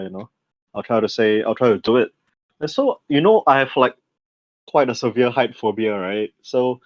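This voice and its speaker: A young man, co-hosting a podcast in casual chat. He laughs often, swears freely and tells stories with animated energy. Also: medium pitch, no echo. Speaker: podcast co-host. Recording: dry, slightly dull podcast mic sound.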